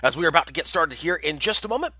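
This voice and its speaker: A man's voice: fairly high pitch, lively intonation, rapid-fire, bright, forceful tone, breathy edge, dry recording. A man casting a community game tournament on a livestream, chatty and jokey, reading out chat messages. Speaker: tournament caster.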